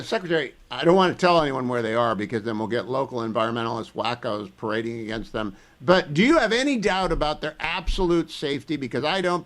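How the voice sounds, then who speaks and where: A man hosting a political talk radio show, emphatic and opinionated, firing off questions to his guests. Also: mid-range voice.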